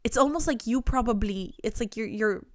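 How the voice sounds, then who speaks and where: A woman's voice: fairly high pitch, normal speed, no echo, studio quality. A woman giving a pick-a-card tarot reading, talking earnestly in a rambling way with lots of restarts. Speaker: tarot reader.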